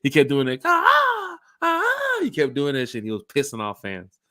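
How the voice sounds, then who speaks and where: A man hosting a fan podcast in casual chat, telling stories with lively acted-out quotes on a home mic and camera. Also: mid-range voice, fast talker, no room sound, clean studio sound. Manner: animated storyteller acting out quotes. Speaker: podcast host.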